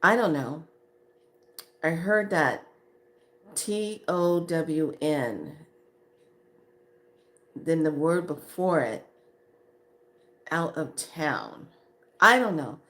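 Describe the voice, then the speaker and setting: A woman vlogger telling a casual story in an animated way, acting out what people said and laughing often. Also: deep voice, extremely slow, long pauses. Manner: animated, acts out quoted voices, laughs often.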